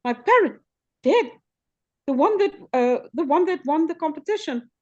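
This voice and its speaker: A woman's voice: high-pitched, animated, normal speed, a little mellow. A woman voicing a wealthy man who exclaims in disbelief at each bit of news, over muffled video call audio. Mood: incredulous. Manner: exclaiming, incredulous. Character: wealthy man growing ever more outraged.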